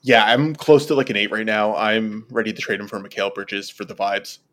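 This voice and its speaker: A man's voice: lowish voice, brisk. A man hosting a casual basketball fan podcast, joking and mocking himself, slipping into quoted voices. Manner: joking, self-mocking, animated quoting. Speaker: podcast host.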